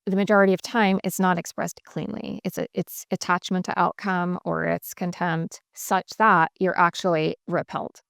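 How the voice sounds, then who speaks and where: A woman working as a couples coach, explaining in a measured and emphatic way on a podcast. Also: on the low side, level tone, vocal fry, fairly bright tone, clean tone, dry recording, clean studio sound.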